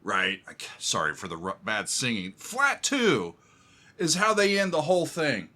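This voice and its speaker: A man who composes music offers excitable reaction commentary at a normal speed in a fairly high voice. He hums along and addresses viewers like they're his friends.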